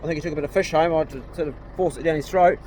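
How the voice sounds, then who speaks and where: A man's voice: a little high, fairly even intonation, racing, a little mellow, slight background noise. A middle-aged man, chatting casually and bluntly on a vlog outdoors on a rural property. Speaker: vlogger. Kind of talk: casual chat.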